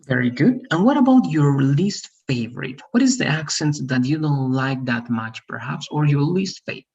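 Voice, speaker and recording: A man's voice: on the high side, lively intonation, normal speed, a little mellow, breathy edge, muffled recording. A man teaching an English lesson over a video call, patient, often checking in with "right?". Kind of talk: one-on-one online English lesson.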